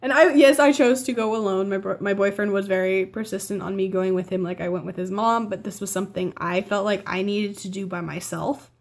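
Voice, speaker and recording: A woman's voice: mid-range voice, steady tone, brisk, few pauses. A teenage girl telling a personal story to camera in a rambling, casual way, full of fillers and restarts. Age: teens. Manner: chatty, rambling with fillers and self-corrections; acts out family members' lines in quotes. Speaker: vlogger.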